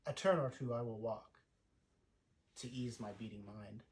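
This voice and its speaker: An actor playing an old, troubled sorcerer, measured in delivery and rising to loud peaks. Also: male voice, medium pitch, lightly acted. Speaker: actor performing a monologue. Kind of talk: theatrical monologue.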